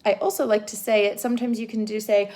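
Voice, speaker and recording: A young woman giving a home literacy lesson to young children, sounding out words slowly and gently. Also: medium pitch, flat delivery. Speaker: teacher.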